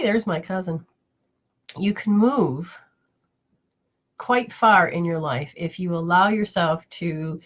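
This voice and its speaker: Lady spiritual teacher chatting live, lowish voice, rambly and emotional, kinda muffled lo-fi sound. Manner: rambling, emotional storytelling with many restarts. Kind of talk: casual live chat.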